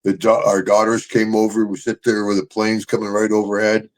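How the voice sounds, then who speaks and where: A man's voice: fairly low pitch, completely flat delivery, brisk. Boisterous older man telling stories. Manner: boisterous, laughs often, shouts catchphrase. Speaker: show host, retired wrestler. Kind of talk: casual storytelling chat.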